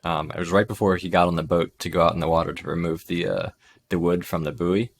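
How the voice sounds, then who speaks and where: Deep-voiced man with blunt remarks. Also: fairly even intonation, fast, creaky, breathy edge. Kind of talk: casual movie review chat.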